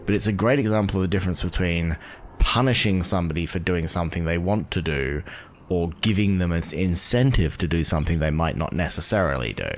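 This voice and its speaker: A man giving casual gameplay commentary as a video host, thinking aloud in a musing, drawn-out way. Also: sits low, animated.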